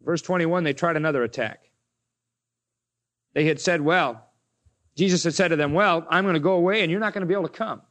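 Man, sermon, high-pitched voice, dramatic retelling, acts out the opponents, sinks low and quiet for the key lines. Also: brisk, long pauses. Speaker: preacher.

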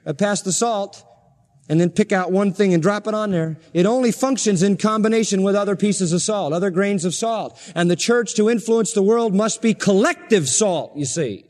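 A man's voice: high voice, moderate pace, few pauses, a little mellow, in a large hall. A man preaching a sermon as pastor in a church, emphatic and insistent with repeated phrases.

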